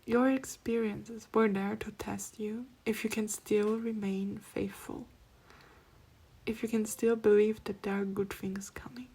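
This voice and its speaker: A woman giving a pick-a-card spiritual reading, speaking softly and often dropping to a near-whisper, then breaking into laughs. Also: medium pitch, level tone, unhurried, husky. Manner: soft-spoken, drifting between near-whispers and laughing outbursts. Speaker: tarot reader.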